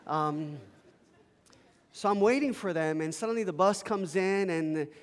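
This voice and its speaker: A man whose first language is Spanish preaches a storytelling sermon in a fairly high voice. He is emphatic and animated. His words hang in a chapel's long reverb. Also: measured pace. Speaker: pastor.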